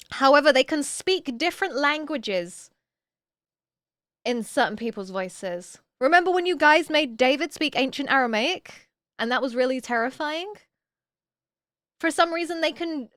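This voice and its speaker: A woman streaming casually to her chat, talkative and quick to swear. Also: high-pitched, no room sound, clean studio sound. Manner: chatty, swears freely, lively.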